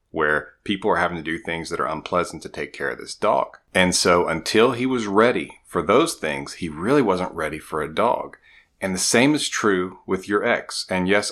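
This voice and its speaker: A middle-aged man, a relationship coach, explaining things to the camera in a calm, steady advice monologue. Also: low-pitched.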